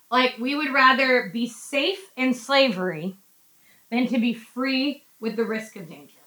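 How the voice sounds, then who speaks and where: A woman teaching a casual Bible study, chatty and animated, acting out quotes from the text. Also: sits high, reverberant, poor audio.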